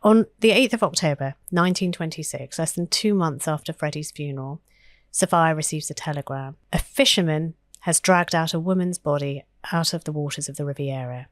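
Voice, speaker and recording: A woman's voice: low voice, brisk, dry recording, clean studio sound. A woman co-hosting a history podcast, talking in an earnest, thoughtful way with frequent fillers and restarts. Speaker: podcast co-host.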